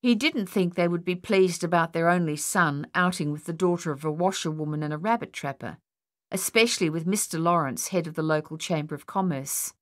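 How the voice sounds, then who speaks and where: A woman narrating an audiobook in a steady storytelling manner. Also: on the low side, brisk, no echo, studio quality.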